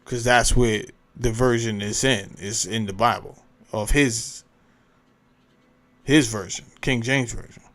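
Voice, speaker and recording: Taking it slowly, the male host speaks in a slightly bright, mid-range voice with fairly even intonation. He offers offhand commentary on clips he's browsing, drifting between thoughts, stopping himself mid-sentence, and reasoning aloud while he searches.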